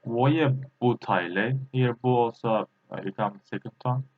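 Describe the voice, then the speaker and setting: A man, a native Turkish speaker, giving a language lesson in English, halting and repeating words slowly with many fillers. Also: medium pitch. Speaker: language teacher. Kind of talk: slow spoken language lesson. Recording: tinny phone-like audio.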